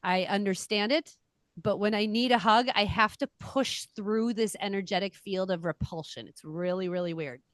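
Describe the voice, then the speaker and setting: A woman's voice: medium pitch, normal speed, no echo. A middle-aged woman co-hosting a casual podcast chat, telling a family story with energy and acting out the lines of others. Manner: animated storytelling, acts out quoted voices. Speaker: podcast co-host.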